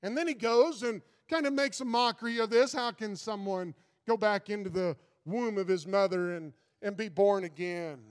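A preacher acting out a proud, offended male religious ruler who piles up exasperated questions about his own standing. The voice is high and smooth, and it rings out with a long hall reverb. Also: moderate pace, natural voice. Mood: indignant. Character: proud, indignant male Pharisee leader.

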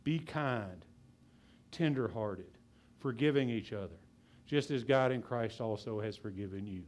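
A man preaching a sermon as pastor, talking loud and fast and passionately, then dropping to a low, quiet voice. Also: a little hiss or hum. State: out of breath.

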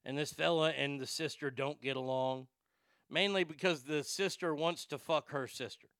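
Male radio host, bright crisp tone, dry studio sound, animated crude rants full of restarts. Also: a little high, moderate pace, dry recording. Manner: animated, stammering restarts, crude mocking asides. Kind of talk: ranting talk radio monologue.

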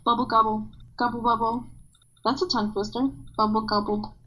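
A woman's voice: fairly high pitch, fairly quick, fairly bright tone, rough recording. A woman co-hosting a podcast over a call, playfully making animal noises and silly rhymes in casual chat. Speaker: podcast co-host. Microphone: call recording.

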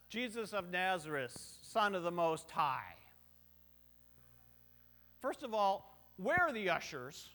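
High, bright-voiced joking man preaching. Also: very animated, slow, pauses often. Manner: conversational, joking, rhetorical questions. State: short on sleep. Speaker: pastor. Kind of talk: sermon.

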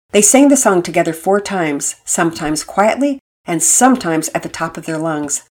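A woman narrating a children's storybook in a calm, steady reading voice. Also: fairly low pitch, husky.

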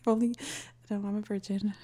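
A woman's voice: medium pitch, noisy background. A young woman co-hosting a podcast, joking brashly and laughing often in casual chat. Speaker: podcast co-host.

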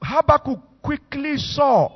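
A man with a Nigerian accent preaching a sermon, animated and storytelling as he acts out the quotes. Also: very high voice, slow. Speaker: bishop, preacher. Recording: echoey hall, muffled sound.

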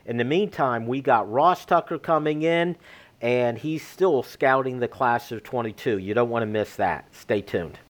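A man with a voice of middling pitch hosts a sports talk show. He chats casually, thinks aloud and hedges his picks. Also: moderate pace.

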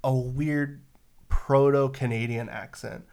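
A man's voice: mid-range voice, fairly even intonation, slow pace, a little mellow. A man with a San Francisco Bay Area accent, co-hosting a podcast in casual chat, explaining at length with many fillers and restarts. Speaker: podcast co-host.

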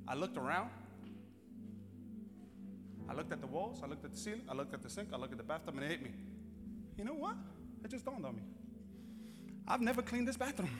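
A man preaching a sermon as pastor, telling humorous stories and building to emphatic shouted lines. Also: on the high side, very animated, fairly quick, pauses often. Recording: echoey hall, faint music.

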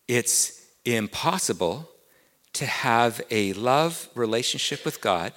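A man's voice: mid-range voice, a bit bright, big-room sound. A man with an English accent preaching a sermon as pastor, earnest and repeating key words, climbing to emphatic peaks.

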